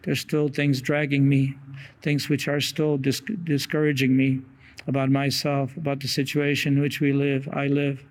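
A man preaching a sermon in an earnest way, reading long quotations aloud with pauses and small restarts. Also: mid-range voice, monotone.

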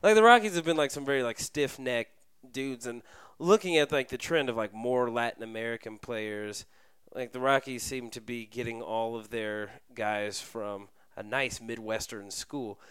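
A man co-hosting a sports podcast, riffing in a loose, wry way and peppering his talk with "like". His voice is smooth and clear, and the recording is close and dry. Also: medium pitch, moderate pace, no room sound. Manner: animated, heavy use of "like", wry remarks. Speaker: podcast co-host. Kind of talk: casual sports podcast chat.

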